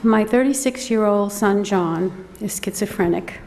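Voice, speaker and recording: A middle-aged woman, a mother and advocate, giving public comment at a county board meeting, emotional and close to tears, halting and repeating words. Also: mid-range voice, steady tone, darkish tone. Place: large council chamber. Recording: long hall reverb, faint noise.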